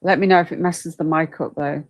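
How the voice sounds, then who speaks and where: A woman's voice: low-pitched, steady tone, fairly quick, no echo. A woman hosting a casual livestream, chatting and reacting aloud to viewer comments at her desk mic. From United Kingdom. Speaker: livestream host.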